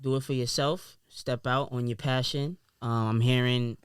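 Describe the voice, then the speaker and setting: Man, podcast host, encouraging, slangy, smooth voice, dry sound. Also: mid-range voice, steady tone, moderate pace, no echo. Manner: easygoing, encouraging, uses slang. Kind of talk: casual interview chat.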